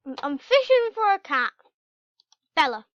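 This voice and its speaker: A woman giving casual, excitable commentary while playing a video game and chatting to her in-game pets. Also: very high voice, unhurried, dry recording. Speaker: gameplay channel host. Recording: dull lo-fi home recording.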